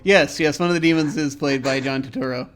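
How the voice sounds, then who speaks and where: A man runs a tabletop horror game, narrating scenes in a rambling way, full of fillers and laughs. His voice sits fairly high for a man. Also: steady tone, a little fast, noisy background. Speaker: game master.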